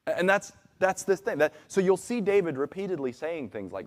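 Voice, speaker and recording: A man's voice: high-pitched, big pitch swings, a little fast, hardly any pauses. A man preaching a conversational sermon in a church, acting out the voices he quotes. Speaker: pastor. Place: church sanctuary.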